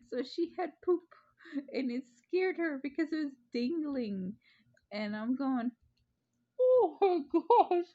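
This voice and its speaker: A woman chats casually at home, telling a story and breaking into giggles. Her voice is mellow and relaxed, at a middling pitch. The recording is dull and lo-fi. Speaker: vlogger. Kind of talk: casual chat.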